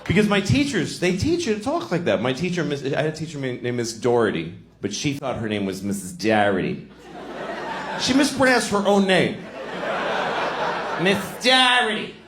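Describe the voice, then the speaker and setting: A man from Boston performing a profane stand-up comedy set on stage, ranting with loud shouted bits. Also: medium pitch, sing-song, brisk. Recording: echoey room with audience laughter.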